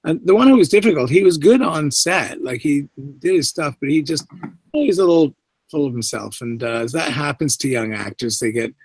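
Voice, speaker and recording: A man's voice: fairly high pitch, expressive, brisk, slightly rough, no room sound, poor audio. A middle-aged man from Canada with a faint English inflection in his speech, chatting loosely as an interview guest and often restarting his sentences. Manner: rambling, many restarts and asides. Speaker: guest actor. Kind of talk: casual interview chat.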